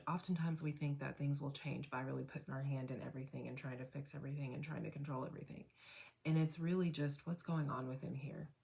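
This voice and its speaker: Slow and soothing, a woman walks through a tapping meditation, asking "right?" again and again and whispering the affirmations breathily. She has a low voice with a warm tone.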